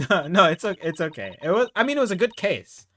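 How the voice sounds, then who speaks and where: A man's voice: high-pitched, very animated, fairly quick, fairly bright tone, a little hiss or hum. A male streamer commenting casually on a game he plays, chatty and teasing, laughing often.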